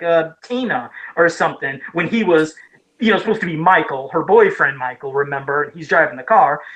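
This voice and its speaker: On a relaxed horror-movie podcast, an Ohio woman co-hosting the show excitedly recounts scenes, often restarting and drifting into asides. She speaks in a lowish, slightly bright voice over a rough recording.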